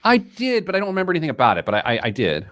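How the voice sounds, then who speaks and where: A man hosting a money podcast in casual chat, joking and animated. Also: a little high, no room sound, clean studio sound. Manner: joking, animated, quick asides. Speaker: podcast host.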